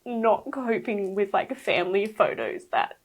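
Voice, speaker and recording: A woman's voice: medium pitch, sing-song, unhurried, low-quality recording. A young woman guest on a podcast telling her birth story, candid and emotional, full of fillers and quoted speech. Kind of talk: personal storytelling in an interview.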